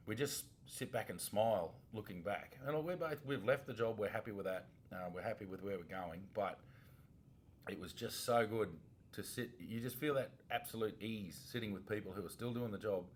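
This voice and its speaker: Laid-back Australian ex-cop, low voice. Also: male voice, normal speed, slight background noise. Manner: laid-back, laughs often, casual slang. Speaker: podcast co-host, former police officer. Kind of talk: casual chat.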